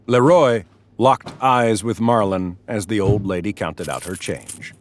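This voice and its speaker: A man reading scripted narration for a story with expressive delivery. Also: on the low side, measured pace.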